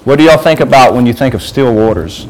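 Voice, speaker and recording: A man's voice: mid-range voice, lively intonation, fast talker, a little hiss or hum, poor audio. A man giving an informal sermon to a youth group, talking conversationally and asking the group questions.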